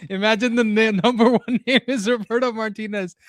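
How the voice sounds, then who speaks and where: A man with a high voice co-hosts a casual football stream, teasing his friends. His delivery is playful and chatty. The recording is dry. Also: fairly even intonation, fairly quick, dry recording. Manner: teasing, laughs often. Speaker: co-host. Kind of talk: casual livestream chat.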